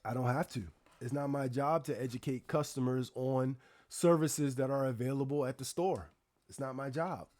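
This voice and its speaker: A man talks casually to his live stream chat in a medium-pitched voice. He tells stories with animated energy and tosses exasperated rhetorical questions at his viewers. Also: normal speed. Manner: animated storytelling, addressing chat directly. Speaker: livestream host.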